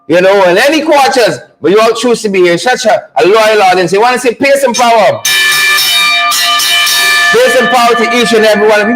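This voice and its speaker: A man's voice: sits high, a bit bright, low-quality recording. A man hosting a live online talk show, fired up, repeating catchphrases and greeting viewers by name.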